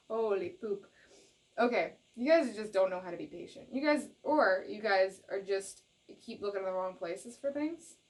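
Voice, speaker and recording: A young Canadian woman with a mid-range voice gives a casual tarot reading directly to viewers. She laughs a lot and repeats herself out of excitement.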